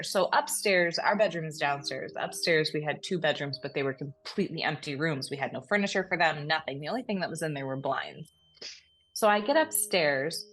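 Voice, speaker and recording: Female podcast co-host, low voice, excitable casual storyteller. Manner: animated, breathless retelling with frequent laughs and fillers.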